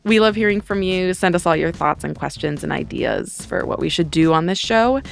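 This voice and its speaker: Gravelly-voiced woman podcast host. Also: lowish voice, animated, moderate pace, faint music behind. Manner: chatty, frequent "like" fillers. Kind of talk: casual podcast chat.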